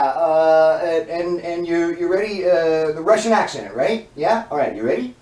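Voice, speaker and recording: A man fronts a comedy web show, grilling an empty chair in a crude, scolding way. His voice sits fairly high and carries a clear note of exasperation. He stands some distance from the mic, so the room's echo rings around every word. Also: lively intonation, normal speed. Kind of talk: mock interview talking to an empty chair. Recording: echoey room, voice far from the mic.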